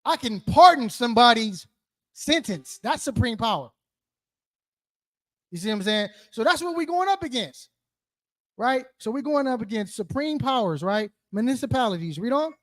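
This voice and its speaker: A man's voice: very high-pitched, expressive, moderate pace. A man leading a group scripture study in a sermon style, asking questions and calling on listeners, using slang and rhetorical "right?". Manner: calls on listeners, asks questions, repeats answers. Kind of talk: interactive sermon teaching.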